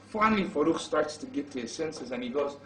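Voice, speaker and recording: A man's voice: on the high side, lively intonation, fairly quick. Dramatic male preacher in an echoey hall. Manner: dramatic, rising to shouts at the climax. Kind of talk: storytelling sermon. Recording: roomy hall, mic far off.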